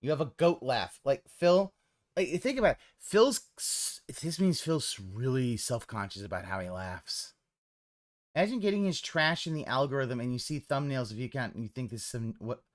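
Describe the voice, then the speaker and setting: A man co-hosting a casual stream, mocking and sarcastic, swearing freely. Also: mid-range voice. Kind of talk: casual livestream chat.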